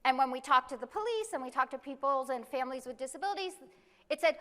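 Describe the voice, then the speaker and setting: Woman presenting at a conference, high clear voice, long hall echo. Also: big pitch swings, bright, forceful tone. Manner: explanatory, reads card statements aloud slowly. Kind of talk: live presentation to an audience. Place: conference room.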